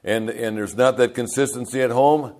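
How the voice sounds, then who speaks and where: Older pastor, rambling folksy storyteller. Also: male voice, mid-range voice, steady tone, moderate pace, darkish tone. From United States. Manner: rambling, chuckling anecdotes.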